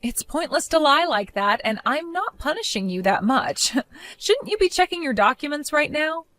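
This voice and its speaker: A woman voicing a defiant, mocking young daughter-in-law in an animated story, speaking in a sarcastic way. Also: high-pitched, normal speed, no room sound. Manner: sarcastic, mocking, laughs often.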